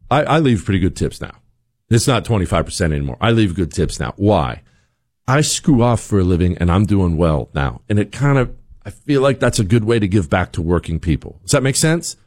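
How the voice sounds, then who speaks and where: A man's voice: on the low side, a little mellow. A man hosting a talk show, delivering an opinionated commentary monologue with sarcasm and repeated rhetorical questions. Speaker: show host.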